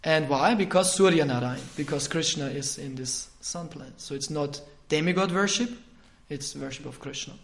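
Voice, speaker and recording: A man delivers a casual lecture on scripture in a voice pitched a little above the usual male range. He chuckles now and then and often stops to rephrase himself. Quiet asides give way to sudden, forceful emphasis. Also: normal speed, gravelly. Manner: conversational, chuckles often, swings between soft asides and emphatic bursts; frequent hesitations and self-corrections.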